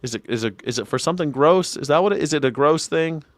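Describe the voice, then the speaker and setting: A man's voice: on the high side, fast talker, no echo. A man hosting a live news commentary show, reacting to clips in a profane, mocking way and laughing often.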